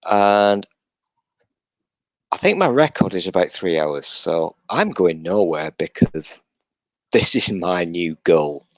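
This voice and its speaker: A man's voice: low-pitched, lively intonation, slow, pauses often, no echo. A British man hosting a casual live-stream chat, joking in a self-deprecating way. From Britain. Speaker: podcast host.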